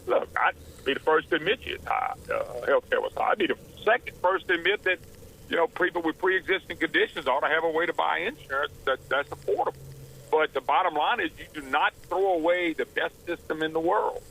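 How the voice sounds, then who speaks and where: Man, 50s, radio talker, gravelly and bright-edged, opinionated and emphatic. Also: fairly high pitch, a little fast, low-quality recording. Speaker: radio show host, guest. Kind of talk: talk radio call-in.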